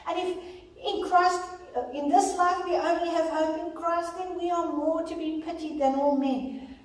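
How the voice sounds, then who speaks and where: A woman leading a ladies' Bible study, reading scripture and telling stories in an earnest, expressive way. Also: very high voice, moderate pace. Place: large church hall. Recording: very echoey hall, far mic.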